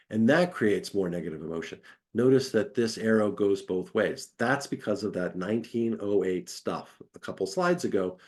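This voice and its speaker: A man's voice: fairly low pitch, animated, moderate pace. A man giving a conversational academic lecture, acting out quoted voices as he explains.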